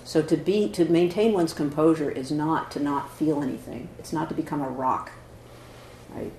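This Zen teacher's voice sits on the high side, with a darkish tone, a steady delivery, and a moderate pace. He answers questions in a casual dharma talk, often asking "right?" and "you know." It's recorded in an echoey meditation hall with faint noise.

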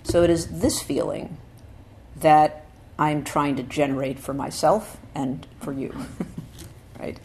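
A woman Zen teacher giving a dharma talk at a practice center. She speaks thoughtfully, reads quotations slowly and with emphasis, and often checks in with her listeners. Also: low-pitched, fairly even intonation, warm tone, slight background noise.

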